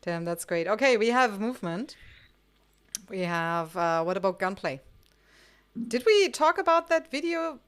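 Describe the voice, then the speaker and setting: A woman's voice: mid-range voice, big pitch swings, measured pace, pauses often, clean tone. A woman hosting a casual gaming podcast, who steers the talk and laughs often.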